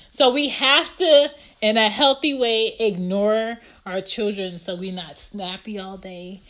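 Exasperated young mom telling a story. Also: female voice. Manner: animated, exasperated, acts out quoted lines with big jumps in pitch and loudness. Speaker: mother telling a parenting story. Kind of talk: casual storytelling monologue.

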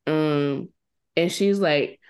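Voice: mid-range voice, drawn-out words, a little mellow, smooth. A podcast co-host casually recapping events, often laughing mid-sentence.

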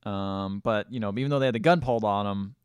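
A man's voice: fairly low pitch, fast talker, clear, resonant tone, no room sound. A man casually retelling a movie plot on a podcast, acting out the characters' lines as he goes. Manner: animated retelling, acts out quoted lines. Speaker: podcast co-host. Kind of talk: casual movie recap chat.

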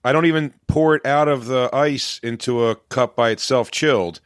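A man's voice: mid-range voice, normal speed, dry recording, studio quality. A man with a Philadelphia accent, a comedian guest chatting in a loose, rambling way from home. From West Philadelphia, USA. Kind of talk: casual chat. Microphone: remote podcast mic at home.

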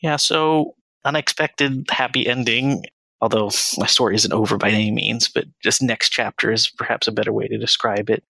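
A man in his thirties, a financial planner as podcast guest, speaking in an earnest, measured and reflective way. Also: on the low side, fairly even intonation, vocal fry, bright, forceful tone, breathy edge, no echo, rough recording. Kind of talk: conversational interview.

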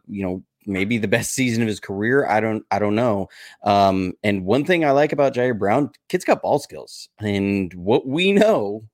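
Low-voiced man, measured and hedging. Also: no room sound, clean studio sound. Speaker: podcast panelist. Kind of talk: casual panel chat.

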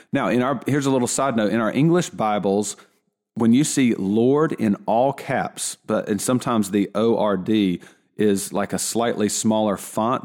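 A man teaching a Bible lesson in a conversational way, with frequent restarts and asides, slowing down to stress key points. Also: on the low side, a little mellow. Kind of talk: casual teaching talk.

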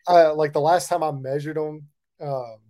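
A man's voice: on the high side, fairly even intonation, normal speed, mellow. A man co-hosting a casual sports podcast, rambling and padding his talk with fillers. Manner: rambling, hedges with "like" a lot. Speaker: podcast co-host.

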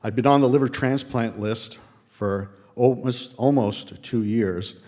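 A man's voice: mid-range voice, measured pace, a little mellow, in a large hall. A man in his fifties telling an earnest personal story on a theater stage. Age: 50s.

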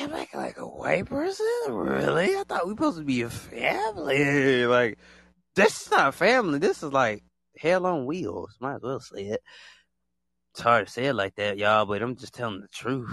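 A man rambles through a casual monologue to his listeners, his pitch swooping up and down as he gets animated. He circles back on his points and leans on fillers. The recording is close and dry. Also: vocal fry, dry recording. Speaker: podcast host.

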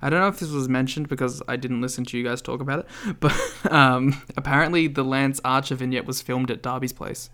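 A man's voice: mid-range voice, fairly even intonation, brisk, hardly any pauses, pushed and bright, clear, resonant tone. A man co-hosting a casual wrestling podcast, dry and wry with joking asides. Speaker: podcast co-host.

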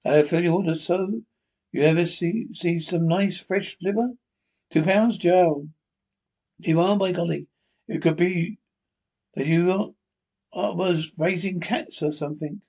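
A man's voice: high voice, unhurried, pauses often, darkish tone, slightly rough, full character voice. A man reading the part of a chatty, nosy butcher who speaks in broken English with folksy exclamations. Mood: teasing.

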